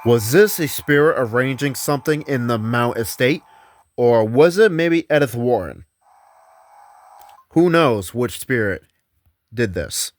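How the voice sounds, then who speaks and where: A man narrating a paranormal investigation in a casual, rambling way, correcting himself as he goes. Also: medium pitch. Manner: rambling, loose, self-correcting.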